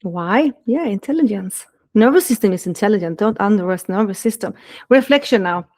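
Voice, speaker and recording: A woman's voice: medium pitch, expressive, a little fast, a little mellow. A woman dating coach speaking earnestly to listeners in a podcast monologue, repeating key phrases for emphasis.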